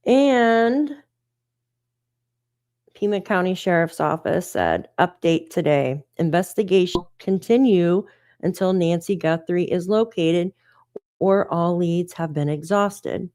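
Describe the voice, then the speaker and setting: Casting: woman, true-crime livestream host, chatty and incredulous, lower voice, dry close sound. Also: takes it slowly, a little mellow, dry recording. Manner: chatty, incredulous, reads updates aloud. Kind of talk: casual livestream commentary.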